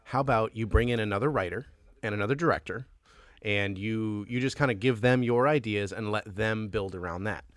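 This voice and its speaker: A man hosting a casual movie review podcast, playful and animated, often laughing as he talks. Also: fairly low pitch, a little fast, dry recording. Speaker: podcast host and bartender.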